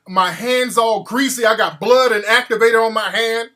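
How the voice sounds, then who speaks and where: Bright-voiced man telling a rowdy story. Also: very high voice, moderate pace. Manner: animated, profane, acts out quotes. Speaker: radio show host. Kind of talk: storytelling on a call-in show.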